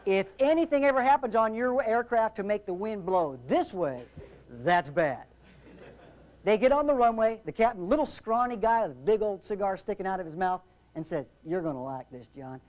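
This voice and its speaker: A man giving a humorous aviation safety talk, telling anecdotes in an animated, theatrical way with jokes. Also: high voice, normal speed. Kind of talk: humorous storytelling seminar talk.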